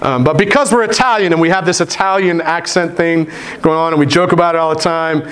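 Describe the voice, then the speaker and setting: A man with a fairly high voice preaches in a church. He swings between earnest, rising appeals and easy, chatty stories about his family. His voice carries the warmth of a pastor talking to his own congregation. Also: brisk. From United States. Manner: earnest preaching, shifting to relaxed anecdotes. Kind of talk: sermon. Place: church sanctuary.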